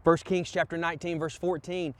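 A man's voice: on the high side, flat delivery, brisk. A man preaching a sermon as pastor, impassioned and urging the congregation on. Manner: impassioned preaching, repeated "come on" calls to the congregation.

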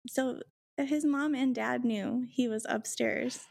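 A woman telling a personal story in casual chat, acting out quotes in higher voices and swearing freely. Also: slow, creaky.

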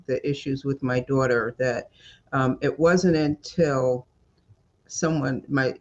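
A man hosting a podcast, asking gentle probing questions and sharing reflective personal stories. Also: medium pitch, dull audio. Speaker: podcast host. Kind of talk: podcast interview.

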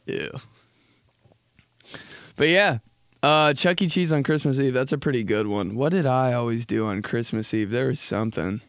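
A man's voice: medium pitch, unhurried, long pauses, clear, resonant tone, dry recording, studio quality. A man hosting a podcast who tells rambling comic stories in crude, casual talk and laughs often. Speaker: podcast host. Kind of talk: comedic storytelling chat.

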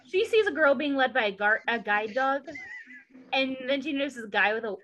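A woman's voice: sits high, expressive, a bit bright, lo-fi sound, a little hiss or hum. Sarcastic joking woman podcast co-host. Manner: sarcastic, joking, quick asides. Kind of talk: casual recap chat.

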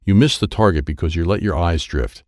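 A man's voice: deep voice, a little fast, dry recording, clean studio sound, close to an everyday voice. A man voicing a stern, patient male karate master who gives firm, instructive commands. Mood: firm instructing.

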